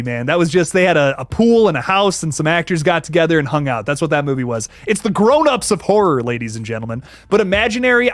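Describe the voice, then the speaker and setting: A young man hosting a casual horror livestream, slangy and animated, thanking viewers by name as he reads the chat. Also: high-pitched, no room sound. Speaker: horror channel host reading live chat.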